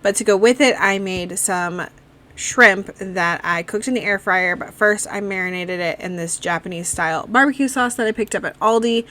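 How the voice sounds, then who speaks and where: A woman's voice: mid-range voice, moderate pace, fairly bright tone. Chatty woman narrating home cooking. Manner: chatty, step-by-step with fillers. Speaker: cooking vlogger. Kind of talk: casual recipe voice-over.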